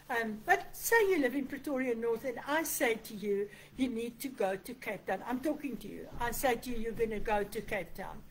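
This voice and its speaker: A woman's voice: fairly high pitch, breathy edge, poor audio. A woman pastor, preaching an online sermon in an earnest, conversational way, often voicing quoted prayers. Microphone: computer microphone.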